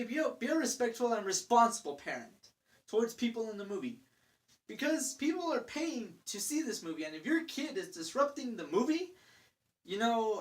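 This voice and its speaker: Young vlogger ranting, swearing freely. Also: mid-range voice. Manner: profane, exasperated ranting with fillers. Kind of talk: casual storytelling rant.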